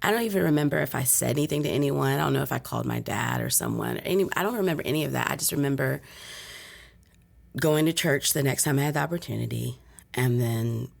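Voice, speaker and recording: A woman's voice: rumbling low, expressive, fast talker, gravelly. A woman as a podcast guest, telling her personal testimony vividly and acting out her own past thoughts.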